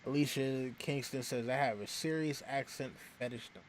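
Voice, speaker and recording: A man hosting a casual chat, rambling and animated, with many restarts. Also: medium pitch, normal speed, slight background noise. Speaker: show host.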